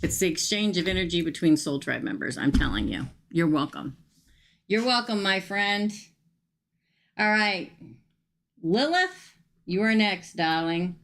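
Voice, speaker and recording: A woman's voice: lowish voice, normal speed, fairly bright tone. A middle-aged woman hosting a live-streamed tarot reading, chatty and emphatic, often checking in with her viewers. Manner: chatty and emphatic, frequent "okay?" asides.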